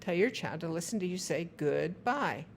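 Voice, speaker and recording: Calm woman teaching with careful, slow speech. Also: on the low side, slight background noise. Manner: slow, careful, spells out word sounds. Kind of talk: instructional narration for parents.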